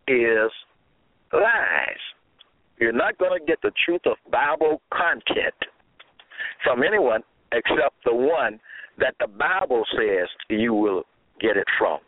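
A man's voice: mid-range voice, no room sound. A man preaching a radio-style sermon, teaching in a didactic way and asking the listener rhetorical questions. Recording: tinny phone-line sound, dry.

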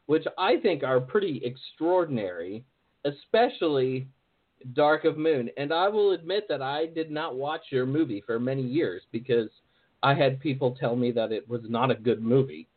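A man hosting a podcast in casual interview chat, relaxed and joking. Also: medium pitch, normal speed. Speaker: podcast host. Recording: phone-like narrow sound.

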